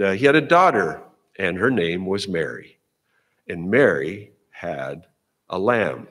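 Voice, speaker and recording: A man's voice: lowish voice, fairly bright tone, big-room sound. A middle-aged male pastor giving a sermon in a church, talking to the congregation in a folksy, conversational way and often repeating words as he goes. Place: church sanctuary.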